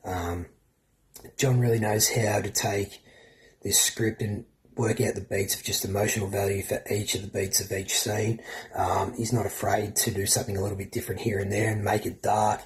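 An Australian man talks through a film review in a loose, chatty way and swears freely. His voice sits on the low side. He sounds like one of the regulars on a casual podcast. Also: level tone, normal speed. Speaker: podcast co-host.

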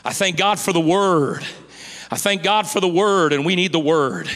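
High-pitched preacher guy, gets fired up and shouts, big reverby church hall. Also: expressive, moderate pace. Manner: impassioned, rising to shouted pleas. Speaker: pastor. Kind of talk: sermon.

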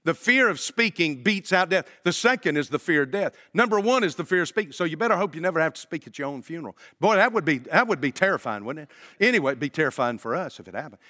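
A man's voice: fairly high pitch, animated, fast, sharp tone. A man preaching a sermon as pastor, talking to the congregation in a conversational way and asking rhetorical questions. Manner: addresses congregation directly.

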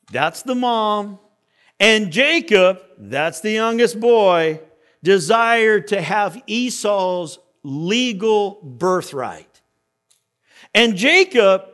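A man preaching a sermon, retelling a scripture story in a casual, animated way and often repeating words. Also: sits high. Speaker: pastor.

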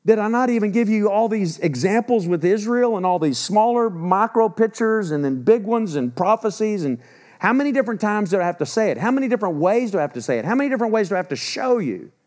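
A man's voice: on the low side, level tone, normal speed, long pauses, darkish tone, pitched below the performer's own voice, close to an everyday voice. A man in his sixties preaching a sermon and voicing God as stern and exasperated, firing off insistent rhetorical questions. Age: 60s.

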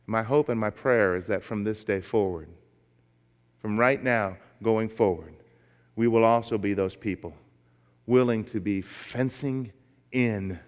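Man preaching in a reverberant hall. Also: fairly low pitch. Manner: emphatic preaching, folksy storytelling. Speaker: pastor. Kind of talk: sermon. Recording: long reverb of a large hall.

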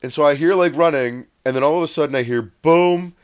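A man telling a long story in casual chat, rambling and animated, often acting out what others said. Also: on the high side, fairly quick, clean tone. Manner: rambling, animated, acts out quoted voices.

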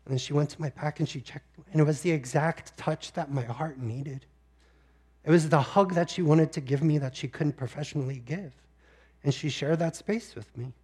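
A male pastor preaching a sermon, telling a personal story with deep emotion and sometimes close to tears. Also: moderate pace, darkish tone, slightly rough.

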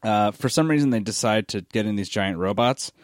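A man co-hosting a casual podcast chat, reviewing comics in an animated, critical way with plenty of fillers and restarts. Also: fairly low pitch, brisk, dry recording, studio quality. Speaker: podcast co-host.

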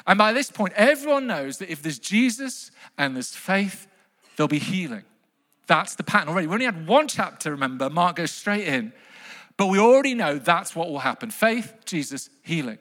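High, animated male preacher in a reverberant hall. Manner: emphatic, repeats key phrases, asks the congregation questions. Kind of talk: sermon.

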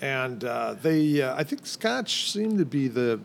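A man's voice: mid-range voice, big pitch swings, unhurried, creaky, a little hiss or hum. A man in his fifties chatting casually on a podcast, rambling and hesitant, with many fillers. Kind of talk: casual chat.

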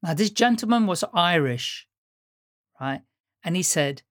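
A woman's voice: lowish voice, expressive, a little slow, long pauses, dry recording, studio quality. A middle-aged woman from the Netherlands, whose first language is Dutch, hosting an interview and telling stories in a chatty way, laughing often and restarting sentences. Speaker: podcast host. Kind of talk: casual conversational interview.

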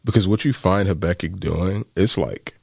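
A very deep-voiced man talks through ideas on a podcast, earnest and pressing his points with rising emphasis. He is recorded close on the mic in a dry, dead room. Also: moderate pace, gravelly, husky, dry recording. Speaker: podcast co-host. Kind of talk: casual faith discussion.

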